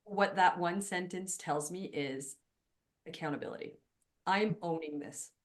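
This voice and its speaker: A woman whose first language is French, hosting a podcast conversation, talking fast and emphatically. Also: on the low side. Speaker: podcast host. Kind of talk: casual conversation.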